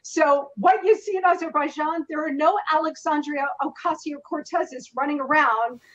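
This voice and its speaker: High-voiced woman guest on a dull line. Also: moderate pace. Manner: forceful, fluent argument. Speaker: guest commentator. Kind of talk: remote interview.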